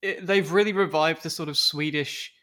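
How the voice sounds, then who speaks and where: A man's voice: on the high side, fairly even intonation, moderate pace, sharp tone. A man co-hosting a comedy podcast, chatting in a loose, rambling way. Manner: laughing easily, loose and rambling. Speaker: podcast co-host. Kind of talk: comedic show recap chat.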